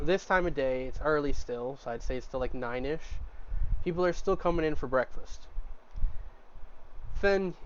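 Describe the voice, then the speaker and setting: A man running a tabletop game as game master, narrating the scene in a relaxed, rambling way with many fillers. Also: a little high. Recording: muffled lo-fi mic with faint noise.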